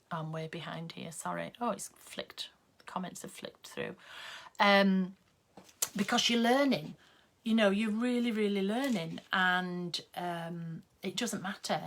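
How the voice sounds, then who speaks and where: Older woman, lowish voice, rambling casual chat, lots of ums. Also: fairly bright tone. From England. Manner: chatty, rambling, with many ums. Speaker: host of a live stream. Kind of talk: casual chat while sewing.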